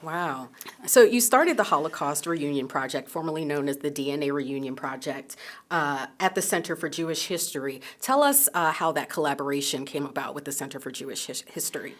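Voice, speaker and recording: Lower-pitched female TV interviewer. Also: animated, a little fast. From Jersey City. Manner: conversational, with short affirmations and fillers. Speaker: TV news interviewer. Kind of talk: broadcast interview. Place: TV news studio.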